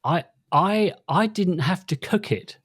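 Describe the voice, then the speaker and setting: A man's voice: sits high, lively intonation, slow, a bit bright, breathy edge, no echo, studio quality. A man co-hosting a podcast, telling stories in a playful, stammering way during casual chat. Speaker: podcast co-host.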